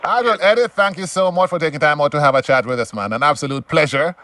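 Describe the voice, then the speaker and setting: A man hosting a radio show, his voice a touch higher than most men's. He sounds upbeat and friendly as he moves the interview along. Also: quick pace, a bit bright, no echo. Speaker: radio host.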